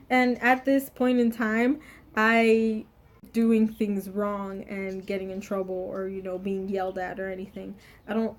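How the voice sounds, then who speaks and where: A woman vlogger telling a personal story in a casual storytime vlog, animated and swinging between hushed asides and loud exclamations. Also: on the high side.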